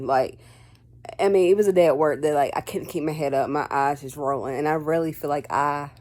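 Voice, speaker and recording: A woman with a low voice tells a personal story to the camera in a loose, chatty vlog. She leans on "like" and "um" and slips into quoted back-and-forth as she goes. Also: darkish tone. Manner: rambling, heavy on fillers like "like" and "um"; acts out dialogue in quotes. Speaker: vlogger.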